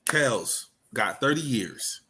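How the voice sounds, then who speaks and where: A man's voice: mid-range voice, big pitch swings, slow pace, pushed and bright. A man hosting a casual family podcast chat, playful and joking as he introduces his guests. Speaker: podcast host.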